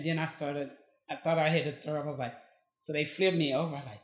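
A woman's voice: low-pitched, brisk, echoey room. A woman, a podcast guest telling her story in casual conversation, acting out what people said. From Texas. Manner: lively, acts out quoted dialogue.

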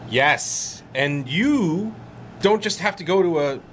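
A man co-hosting a podcast, giving relaxed, salesy sponsor pitches in casual chat. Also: slow, a little hiss or hum. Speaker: podcast co-host.

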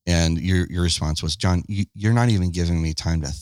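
A man's voice: sits low, a little fast, darkish tone, no room sound, studio quality. A man co-hosting a podcast with his wife, talking candidly and acting out their past conversations. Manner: candid, self-deprecating, acts out past conversations. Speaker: podcast co-host. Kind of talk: casual couple's podcast chat.

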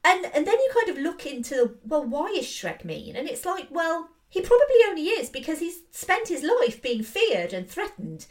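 A woman's voice: high-pitched, big pitch swings, normal speed, hardly any pauses. A woman commenting on films in a casual, enthusiastic and opinionated way. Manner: enthusiastic, opinionated, fillers and restarts. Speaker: film commentator. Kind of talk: casual video essay.

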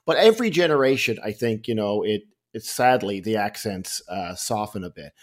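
A man with a Newfoundland accent, a comedian and actor, telling stories in an interview in an animated, self-correcting way. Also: fairly low pitch, moderate pace. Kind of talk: interview storytelling.

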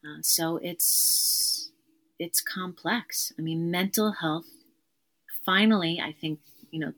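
Earnest woman therapist, low voice. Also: slow, a bit bright. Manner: earnest, emphatic, repeats key phrases. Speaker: therapist and podcast guest. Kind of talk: conversational interview.

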